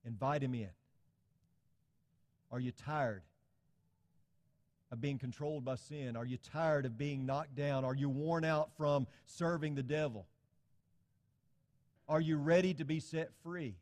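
A man preaching a sermon in an earnest, pleading way, often dropping to a soft, quiet emphasis. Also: a little high, fairly even intonation, unhurried, pauses often, big-room sound.

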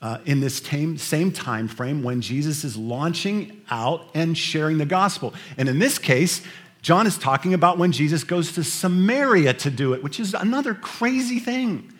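A man preaching a sermon, shifting between hushed scripture reading and loud, emphatic storytelling. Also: a little high, animated, moderate pace. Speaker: pastor.

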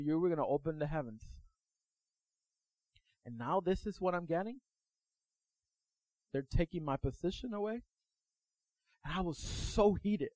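A male pastor preaching a sermon, retelling a personal story in an animated way and acting out the quotes. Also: a little high, no echo, poor audio.

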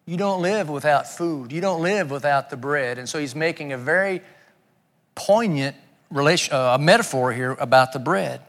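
Male guest preacher, earnest, restarts phrases, voice slightly high, hall reverb. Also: moderate pace, fairly bright tone. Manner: earnest, repeats words while searching for phrasing. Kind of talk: sermon.

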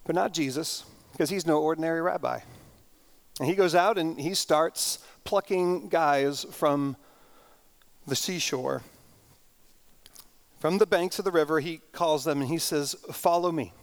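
A pastor preaching a sermon, retelling a story in an animated, conversational way. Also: male voice, a little high, unhurried, creaky, long pauses.

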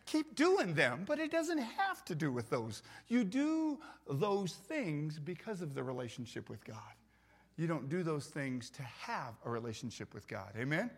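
Lively high-voiced man preaching a sermon. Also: unhurried, slightly rough. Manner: conversational and lively, asking the congregation for responses. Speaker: pastor. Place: church.

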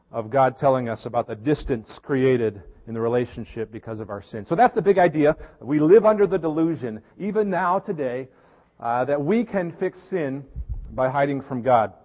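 A middle-aged pastor from Tennessee with a mid-range voice delivers a conversational, storytelling sermon, dropping in easy fillers. He's in a church sanctuary, and the recording sounds dull and echoey.

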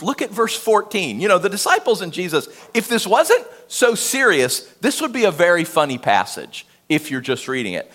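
A man preaching a sermon in an animated, emphatic, conversational way, often turning to the listeners with questions. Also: a little high, breathy edge. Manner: animated, emphatic, conversational with frequent rhetorical asides.

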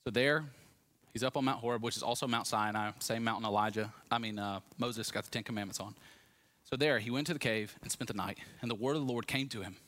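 A man preaching a sermon in a lively, conversational way with asides to the congregation. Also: medium pitch, quick pace. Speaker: pastor.

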